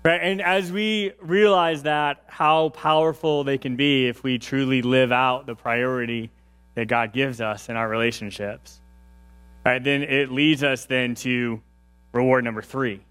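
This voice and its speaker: A man's voice: medium pitch, steady tone, measured pace, a bit bright, smooth. A male pastor preaching a sermon in a conversational way, often checking in with the congregation.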